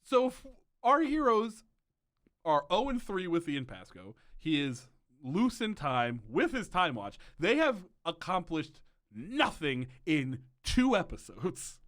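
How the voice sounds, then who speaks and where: A man's voice: on the high side, sing-song, slow pace, fairly bright tone. A man hosting a comedic podcast, ranting animatedly and laughing often as he recaps a show. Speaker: podcast host.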